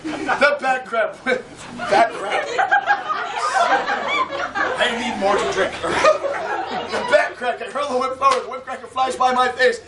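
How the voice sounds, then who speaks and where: A man's voice: very high voice, fairly even intonation, brisk. A man performing a whip-cracking act live, rambling and teasing the crowd with jokes. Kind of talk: live comedic stage patter. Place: large hall with a live audience. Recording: echoey, distant, crowd noise.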